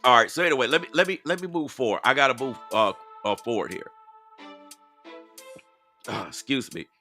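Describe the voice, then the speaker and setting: A man's voice: mid-range voice, lively intonation, fairly quick, sharp tone, faint music behind. A man hosting a casual live-stream commentary, talking straight to his viewers and repeating himself for emphasis. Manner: repetitive, emphatic, addresses viewers directly. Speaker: online commentary host. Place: outdoors.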